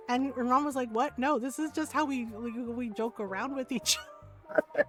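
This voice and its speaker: A woman's voice: high voice, normal speed, a bit bright, soft background music. A middle-aged woman streaming a game, chatting casually with many fillers and frequent laughs. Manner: chatty, laughs often, full of fillers and restarts. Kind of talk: casual gaming stream chat.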